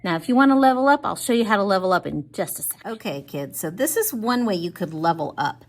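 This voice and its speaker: A woman's voice: mid-range voice, expressive, quick pace. Upbeat woman teaching kids. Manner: upbeat and encouraging. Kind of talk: lesson for children.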